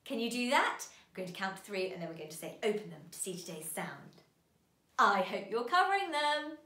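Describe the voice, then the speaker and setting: A woman teaching a children's phonics lesson, animated and encouraging, stretching out sounds slowly. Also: mid-range voice, echoey room.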